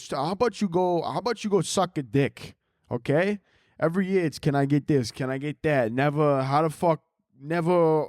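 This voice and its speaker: A man's voice: a little high, dry recording, clean studio sound, close to an everyday voice. A man voicing a foul-mouthed older Santa Claus with a Brooklyn accent, brash and boastful.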